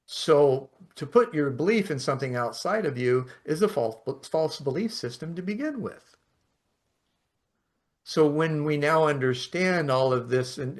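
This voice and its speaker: A man hosting a podcast, telling stories in a casual, animated way and laughing often. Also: on the high side. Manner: animated storyteller, acts out quotes, laughs often. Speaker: podcast host. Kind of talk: casual conversation, storytelling.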